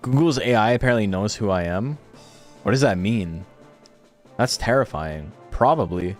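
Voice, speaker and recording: Young man, deep-ish voice, casual stream rant, swears a lot, faint music behind. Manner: ranting, swears a lot, quotes chat in mocking voices. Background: faint background music.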